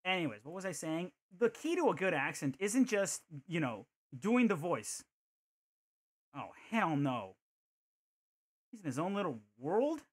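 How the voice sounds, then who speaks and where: Lively, playful male game streamer. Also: high voice, unhurried. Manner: playful, thinks aloud, jokey asides. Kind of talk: casual gameplay commentary.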